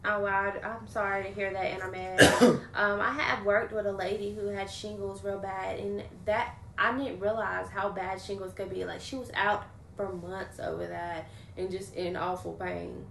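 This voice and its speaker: A woman's voice: medium pitch, level tone, normal speed, creaky, hardly any pauses, fairly bright tone, a little hiss or hum. A young adult woman livestreaming, chatting casually and venting bluntly while she swears freely and thanks viewers. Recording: roomy echo.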